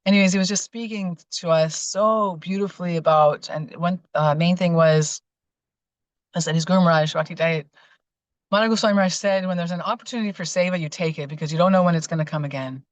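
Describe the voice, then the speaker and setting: A woman with a lowish voice speaks fast in a dry recording, sharing personal devotional memories as a guest. She's casual and heartfelt, rambling with fillers and restarts.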